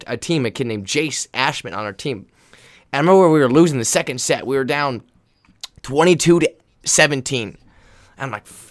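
A young man co-hosting a casual chat, telling sports stories with lots of laughter. His voice sits a little high, and he slips into quoted voices as he tells them. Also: fairly bright tone. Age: young adult. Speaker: volleyball player and podcast co-host.

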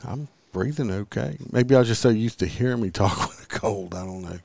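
A man's voice: fairly low pitch, brisk, gravelly, darkish tone, no room sound. A man hosting a podcast, reading news aloud and ranting bluntly, with lots of profanity. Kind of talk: casual political talk.

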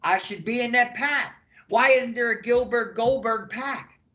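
A man with a high-pitched voice tells stories in an interview. He acts out the voices of the people in them, breaks into shouts and laughs. He is lively and doesn't hold back. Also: a little slow. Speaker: interview guest. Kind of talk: animated storytelling in conversation.

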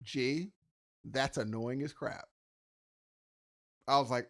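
A man's voice: mid-range voice, fairly even intonation, slow pace, a bit bright. A man co-hosting a podcast, ranting in an exasperated, slangy way during casual chat. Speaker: podcast co-host.

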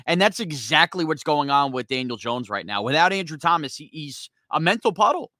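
A man hosting a sports podcast, ranting heatedly in a rapid-fire, fired-up way that gets loud at times. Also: fairly high pitch, sing-song, dry recording. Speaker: sports talk podcast host.

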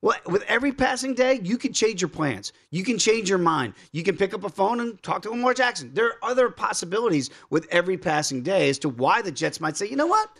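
Animated male sports radio host. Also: fast, hardly any pauses, husky. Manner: animated, acts out quotes in high mock voices. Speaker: sports betting show host. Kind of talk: casual sports radio banter.

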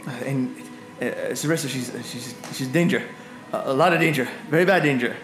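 A man's voice: mid-range voice, a little fast, a bit bright, close to an everyday voice. A man voicing a nervous, stammering old male wizard in a tabletop game. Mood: flustered. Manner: stammering, flustered. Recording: echoey room, faint music.

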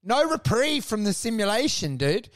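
A man, co-hosting a comedy podcast, rambling through crude stories and acting out scenes in shouted high voices. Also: sing-song, normal speed. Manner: crude, swears often. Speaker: podcast co-host.

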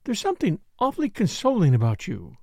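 A man voicing a lively young woman with a playful, mocking way of talking. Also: high-pitched, fairly quick, vocal fry, dry recording, clean studio sound, pitched above the performer's own voice, exaggerated voice. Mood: pleading, warm.

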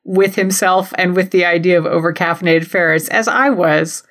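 A woman co-hosting a podcast in casual chat, with a wry, deadpan delivery and plenty of swearing. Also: on the low side, moderate pace. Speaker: podcast co-host.

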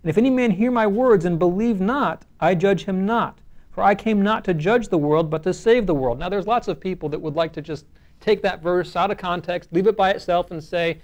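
A man's voice: sits high, fairly quick, darkish tone. A man pastor leading a Bible study, reading scripture aloud with emphasis and explaining it in a conversational way with frequent fillers.

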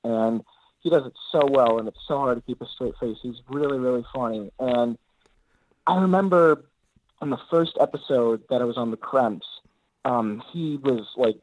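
A man's voice: mid-range voice, normal speed, darkish tone, dry recording, low-quality recording. A man being interviewed as an actor guest, talking in an easygoing, rambling way with lots of filler words. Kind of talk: casual interview chat.

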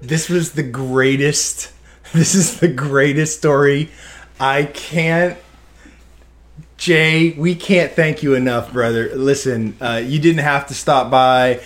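A man co-hosting a podcast in casual chat, excitable and exclaiming, laughing often. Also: medium pitch, slow. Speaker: podcast co-host.

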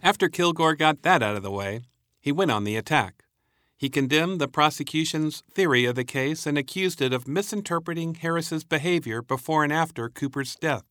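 A man reading a scripted news narration in a measured, even way. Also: on the high side, no room sound, studio quality.

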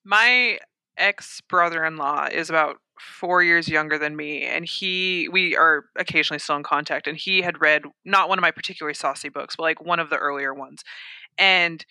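A woman in her thirties talks candidly, laughing often and poking fun at herself. Her voice is very bright. The recording is dry and close. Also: sits low, moderate pace, dry recording. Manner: candid, laughing, self-deprecating. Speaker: romance author; mother. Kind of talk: casual podcast chat.

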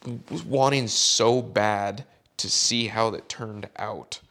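A man who works as a caddie, telling a story in a podcast chat and acting out the quotes with animated delivery. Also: lowish voice, takes it slowly.

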